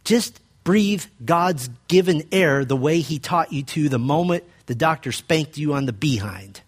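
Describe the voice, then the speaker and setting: A man putting on a big booming old trumpet teacher. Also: animated, unhurried, slightly rough. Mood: insistent. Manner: loud and insistent.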